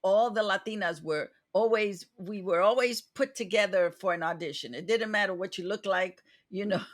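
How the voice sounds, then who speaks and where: A woman hosts a podcast conversation and shares advice from her own experience. Her voice sits at an ordinary middle pitch. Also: normal speed. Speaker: podcast host and actress.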